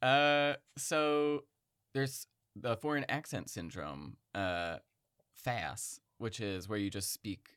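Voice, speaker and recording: A man's voice: fairly low pitch, takes it slowly, a bit bright, clear, resonant tone, no echo, studio quality. A man co-hosting a podcast, casually explaining topics to his partner and laughing easily. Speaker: podcast co-host. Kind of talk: casual chat.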